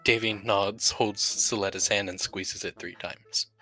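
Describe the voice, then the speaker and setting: A man narrating his characters' actions as a player in a tabletop game, in a lively, laughing way. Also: fairly low pitch, unhurried, no room sound, soft background music.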